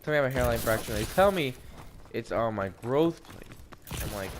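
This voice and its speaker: A man's voice: mid-range voice, animated, a little fast. Teen guy rambling a story while he games, repeats words a lot, cusses at the game, bit of noise behind. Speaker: gamer telling a story. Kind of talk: casual storytelling over gameplay.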